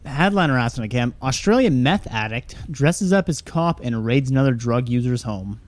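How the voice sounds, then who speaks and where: Dude on a podcast reading headlines, laid back and a bit halting, mid voice, dry close sound. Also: male voice, mid-range voice, animated, no room sound. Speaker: podcast co-host. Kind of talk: casual chat, reading headlines.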